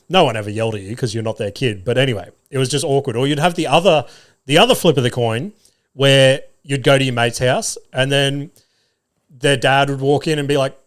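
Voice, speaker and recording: A man, hosting a solo podcast and telling sweary, animated stories about family life. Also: medium pitch, a little fast. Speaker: podcast host.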